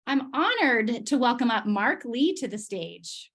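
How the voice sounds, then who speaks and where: A woman clinician presenting certificates at a virtual ceremony, praising children in a slow, encouraging way over a video call. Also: fairly high pitch, big pitch swings, fairly bright tone.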